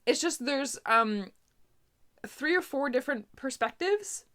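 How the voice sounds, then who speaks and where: A woman's voice: sits high, expressive, measured pace, a bit bright. A young woman from Canada chatting casually about books she has read, laughing often and filling her talk with little asides. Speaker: booktuber. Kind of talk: casual book review chat.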